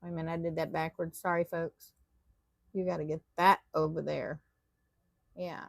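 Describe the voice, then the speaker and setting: A woman's voice: sits low, little pitch movement, normal speed, vocal fry, no echo. A woman teaching a live online tatting class, chatty and self-deprecating as she talks viewers through her work.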